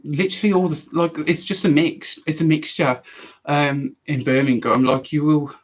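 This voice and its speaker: Chatty young man, higher voice. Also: poor audio. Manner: rambling, animated, quick to restart sentences. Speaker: streamer answering viewer questions. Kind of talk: casual live chat.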